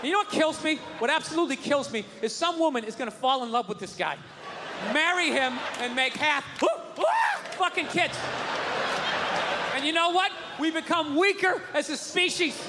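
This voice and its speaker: A man doing stand-up comedy, ranting loudly with profanity and shouted punchlines, on a stage before a live audience. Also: extremely high pitch, animated, normal speed, in a large hall. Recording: live club with crowd laughter and noise.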